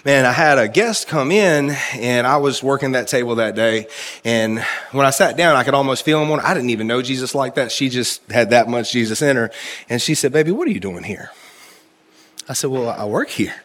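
A man's voice: medium pitch, brisk, a bit bright. Folksy male preacher telling stories. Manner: folksy storytelling with humor; conversational, addresses congregation directly. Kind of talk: sermon. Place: church service.

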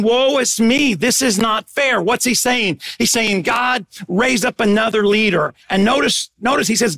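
A middle-aged man preaching a sermon as pastor, animated, swinging between loud emphatic bursts and hushed asides. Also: sits high.

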